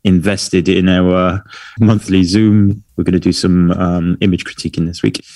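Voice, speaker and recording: Guy co-host, lowish voice, dry close sound, kinda deadpan, faint music. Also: a little slow, no echo. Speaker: podcast co-host. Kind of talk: casual chat.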